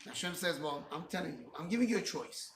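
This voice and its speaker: Male rabbi, high and animated, acting out scripture dialogue; echoey hall, mic at a distance. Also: quick pace, a little hiss or hum. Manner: animated, acts out dialogue with God; mixes Hebrew and Yiddish terms into English. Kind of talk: Torah class. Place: study hall. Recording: roomy, from a distance.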